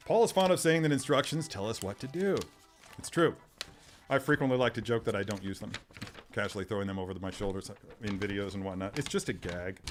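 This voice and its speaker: A man hosting a casual live stream, chatty and self-deprecating, thinking aloud and answering viewer comments as he works. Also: medium pitch. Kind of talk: casual live-stream chat while unboxing. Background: faint sci-fi music.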